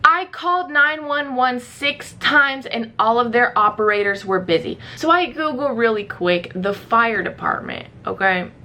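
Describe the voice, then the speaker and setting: A woman's voice: a little high, lively intonation, unhurried, few pauses, sharp tone, slight background noise. A young woman vlogger casually telling a story to camera, chatty and full of "like", acting out her own reactions. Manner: chatty, fills speech with "like", acts out her own past reactions.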